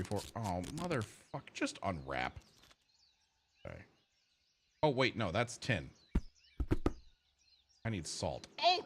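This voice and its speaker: A man's voice: low voice, a little hiss or hum. A man streaming and chatting casually with his viewers, rambling and swearing freely. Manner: profane, rambling, animated. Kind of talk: casual livestream chat while gaming.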